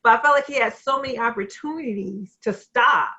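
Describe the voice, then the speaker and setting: A woman's voice: a little high, fairly quick, bright, forceful tone, dull audio. A woman co-hosting a podcast, chatting casually about a movie and laughing easily over a video call. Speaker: podcast co-host. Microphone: home computer mic on a video call.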